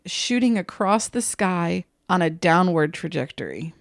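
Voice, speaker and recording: A woman co-hosting a podcast, telling a spooky story in a casual, jokey, profane way with quick asides. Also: on the low side, lively intonation, gravelly, dry recording, studio quality.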